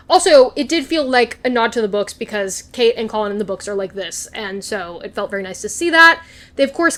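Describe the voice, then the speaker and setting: Gushing young woman, high voice. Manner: gushing, animated, swears, laughs often. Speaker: recap vlogger. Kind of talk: casual chat, excited TV recap.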